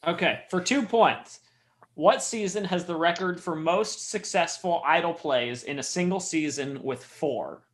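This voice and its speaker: Relaxed, self-deprecating man with a higher voice. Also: measured pace. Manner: self-deprecating, relaxed, reads questions plainly. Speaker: guest quizmaster. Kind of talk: casual online trivia game.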